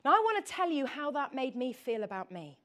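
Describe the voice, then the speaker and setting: Animated, high-voiced woman preaching. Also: brisk. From north of England. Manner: animated, asks the audience questions, chatty asides. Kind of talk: lively sermon to a congregation.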